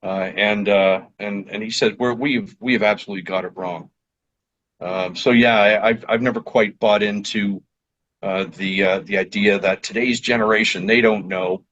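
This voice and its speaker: A fire chief in conversation speaks in a low male voice, reflective and thoughtful, with plenty of hesitant fillers. His audio comes through dull and lo-fi, like a remote call. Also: steady tone, moderate pace, fairly bright tone. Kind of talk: conversational interview.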